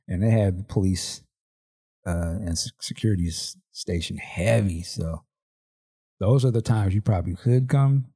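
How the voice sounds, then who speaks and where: A man's voice: fairly low pitch, normal speed, warm tone, breathy edge. A man on a podcast telling stories in casual chat, slangy and acting out dialogue. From Seattle, Washington. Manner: storytelling, slangy, acts out dialogue. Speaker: podcast co-host.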